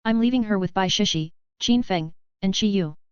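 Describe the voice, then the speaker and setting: A woman's voice: medium pitch, moderate pace, smooth, no echo, close to an everyday voice. A woman reading the lines of a brash, wisecracking male cultivator in an audiobook, blunt and bossy in her delivery. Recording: dry, slightly dull lo-fi recording.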